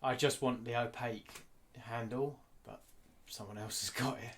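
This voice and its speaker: A man talking candidly in an interview, blunt and animated, swearing freely. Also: medium pitch, normal speed, a little hiss or hum. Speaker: guest artist.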